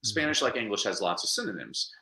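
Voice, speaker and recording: A man speaking as a guest in a casual interview, animated and playful, often putting on quick voices to make a point. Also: on the low side, reverberant, rough recording. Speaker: guest speaker and literacy coach. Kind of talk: casual video call interview.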